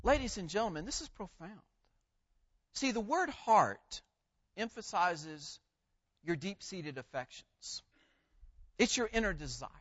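High-voiced, emphatic male preacher. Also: big pitch swings, fairly bright tone, breathy edge, dull audio. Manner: measured, emphatic delivery with pauses on key words. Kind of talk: sermon.

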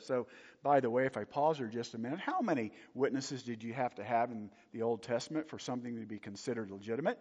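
A man's voice: mid-range voice, fast, a little mellow, husky. A middle-aged male pastor delivering an emphatic sermon, asking his congregation rhetorical questions. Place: church hall. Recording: dull recording with long hall reverb.

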